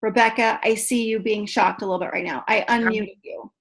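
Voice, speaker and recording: A woman leading an online team training, chatty and excitable, often saying "you guys.". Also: medium pitch, brisk. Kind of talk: online video call training. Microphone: video call.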